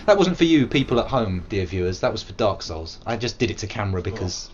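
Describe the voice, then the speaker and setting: A man's voice: low voice, fast, dull audio, slight background noise. A British man in his thirties, chatting and joking casually while streaming a game live, prone to silly growls and bits of song. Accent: British English. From England.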